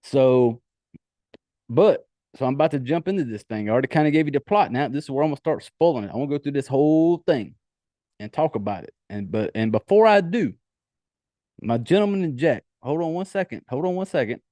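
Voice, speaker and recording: A man's voice: mid-range voice, animated, fairly quick, dark tone, dry recording. A man with a Southern accent hosting a podcast, chatting casually with rambling, profane asides. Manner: rambling, profane, laid-back. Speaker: podcast host. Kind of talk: casual solo podcast chat.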